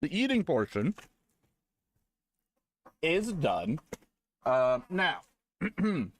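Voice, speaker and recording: High, lively profane streamer man. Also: very slow, long pauses, slightly rough, no room sound. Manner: profane, rambling, jokey, breaks into loud mock rants. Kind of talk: casual live-stream chat with viewers.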